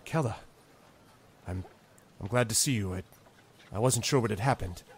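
A man voicing a mysterious, guarded half-elf stranger who speaks in a clipped, measured way. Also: on the low side, a little hiss or hum, natural voice.

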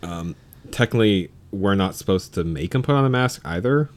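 A man in casual chat, telling stories in an animated, profane way. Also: deep voice, normal speed.

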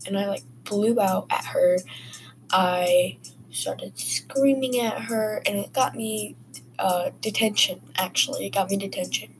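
A woman's voice: medium pitch, steady tone, unhurried, a little hiss or hum, low-quality recording. Chatty woman telling personal stories. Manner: rambling, chatty, many fillers. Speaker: podcast host. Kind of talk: casual storytelling.

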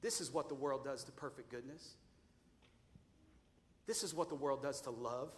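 A man preaching a sermon emphatically, firing rhetorical questions and rising to shouts. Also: mid-range voice, normal speed, in a large hall.

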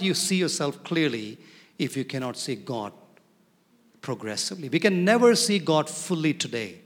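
Guy preaching, asks the crowd stuff a lot, kinda high voice, echoey big hall. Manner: animated, questions the congregation often. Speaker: pastor. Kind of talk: sermon. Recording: reverberant hall.

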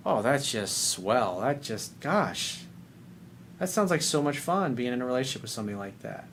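A man's voice: mid-range voice, very animated, fairly quick, slight background noise. A man hosting a dating advice video, talking bluntly and sarcastically, with casual swearing. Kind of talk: casual advice monologue reading viewer letter.

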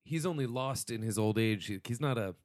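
Man musing in relaxed casual chat. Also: medium pitch, a little fast, no echo, clean studio sound. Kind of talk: casual film discussion.

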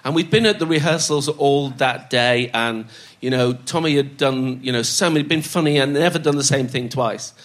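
Here an older podcast guest shares stories at a moderate pace with few pauses, laughing and putting on voices for the people he quotes. His mid-range voice sounds a bit bright.

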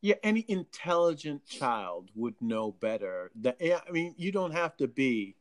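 Speaking a little slowly in a voice on the high side, a man from Jamaica with a Jamaican accent hosts live talk radio. His delivery is lively and full of laughter, with stammering restarts along the way.

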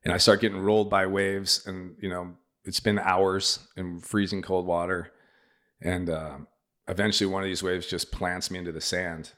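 A man's voice: sits low, moderate pace. A middle-aged man, a podcast guest, telling a long story in casual chat and acting out what other people said. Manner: animated anecdote teller, acts out other people's lines.

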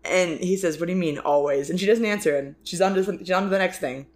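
A woman's voice: lowish voice, a little mellow. A woman co-hosting a casual film discussion podcast, talking in rambling bursts full of likes and restarts. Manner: rambling, many fillers and restarts, quick bursts. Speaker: podcast co-host.

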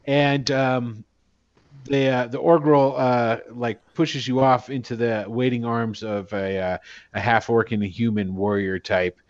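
A man running a tabletop game, narrating in a halting, chatty way full of ums and small laughs. His voice sits in the middle register. The sound is dry and close, but dull, like audio from an online call. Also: medium pitch, flat delivery, no room sound. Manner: halting, many fillers, chuckling. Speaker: game master.

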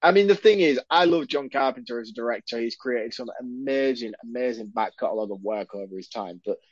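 A man co-hosting a podcast in casual chat, animated and sweary, laughing often. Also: medium pitch, dry recording. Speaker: podcast co-host. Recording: dry, dull lo-fi sound.

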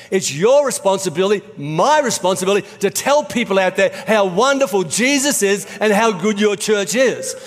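Male pastor, middle-aged, high-ish voice, chatty storytelling sermon, echoing hall. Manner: conversational storytelling preaching. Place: church auditorium. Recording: reverberant church hall.

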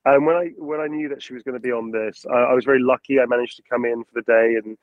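A voice actor guest, animated and rapid-fire with a medium-pitched voice, chats in a casual video call interview. He slips into character voices for examples, and the call sounds dull, lo-fi, and dry with no echo.

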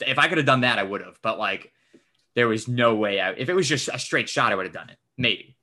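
Bright-voiced man telling a story. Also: medium pitch, fairly quick. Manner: animated, swears often, acts out his own quoted lines. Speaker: podcast host. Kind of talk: casual storytelling chat.

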